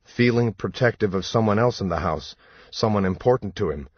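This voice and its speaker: A man narrates an audiobook in a measured, even manner. His voice sits very low, husky and unhurried. The recording is dry, dull and a little lo-fi. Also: no echo. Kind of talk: scripted narration.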